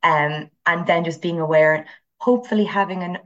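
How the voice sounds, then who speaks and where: A woman with an Irish accent, a teacher speaking as an interview guest and telling animated stories from her classes. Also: fairly low pitch, moderate pace, lo-fi sound. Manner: animated storyteller, acts out voices. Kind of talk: conversational interview.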